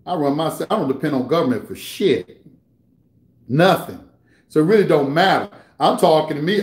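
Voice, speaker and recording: A man's voice: sits high, echoey room. A man hosting an internet radio show, delivering a heated, confrontational, profane monologue. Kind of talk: ranting monologue.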